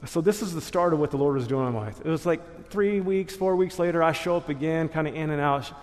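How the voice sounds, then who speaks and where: A man's voice: fairly high pitch, quick pace, a little mellow. Man telling his testimony in a big hall. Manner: casual storytelling with slang, laughs at himself. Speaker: guest speaker sharing testimony. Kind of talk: church testimony talk. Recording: long hall reverb.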